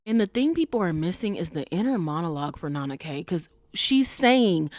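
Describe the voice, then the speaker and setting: A woman hosting a podcast, talking in an animated, emphatic casual way with rhetorical questions and lots of fillers. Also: medium pitch, normal speed, hardly any pauses, no echo, studio quality. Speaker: podcast host. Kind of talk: casual commentary.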